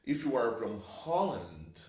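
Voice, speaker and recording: Give me a slow, patient male English teacher in an echoey room. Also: medium pitch, sing-song, a little mellow. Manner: patient, with drawn-out example sentences. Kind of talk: slow, clear classroom explanation.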